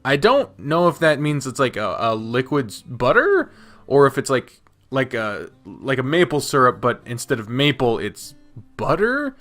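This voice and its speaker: A man's voice: mid-range voice, big pitch swings, normal speed, soft background music. Casual man reading a game aloud. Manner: casual, swears freely, reads the narration softly, then breaks out into loud commentary. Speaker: game streamer. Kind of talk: reading a visual novel aloud with commentary.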